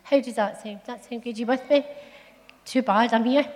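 Scottish woman, middle-aged, warm storyteller for a church talk, slightly high voice, long hall echo. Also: moderate pace. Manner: homely, chatty and playful, with local turns of phrase. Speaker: church speaker telling a Bible story. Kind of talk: storytelling sermon.

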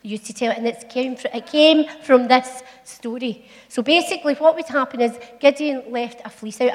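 A middle-aged woman with a Scottish accent, telling a Bible story to a church in a homely, playful, chatty way. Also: on the high side. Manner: homely, chatty and playful, with local turns of phrase. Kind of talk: storytelling sermon. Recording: long echo of a large hall.

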